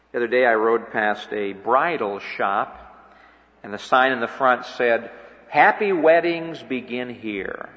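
A man's voice: a little high, a bit bright. A man preaching a sermon, dramatically acting out imagined dialogues in a dull old broadcast recording with reverb.

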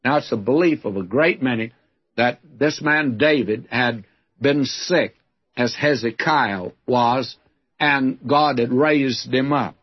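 A man's voice: mid-range voice, slow pace, breathy edge, no echo. An older man teaching through the Psalms in a radio Bible lesson, reading verses with rising emphasis, on a dull old recording. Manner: lively, reads scripture with rising emphasis.

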